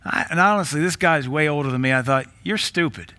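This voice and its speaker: A man with a Southern American accent, a pastor preaching a sermon in a blunt, sarcastic, forceful manner. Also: on the high side, fast talker, dry recording.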